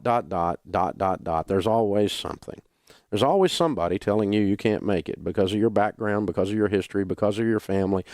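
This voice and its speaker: An older man with a Southern drawl holds forth on talk radio in a folksy, emphatic way. His voice sits low, and the studio sound is dry and close. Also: a little mellow, dry recording. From Southern United States. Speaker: radio talk show host.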